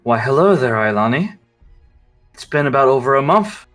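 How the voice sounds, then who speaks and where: A man's voice: medium pitch, sing-song, moderate pace, a bit bright, faint music behind. A man voicing a sly, mocking woman who schemes and teases.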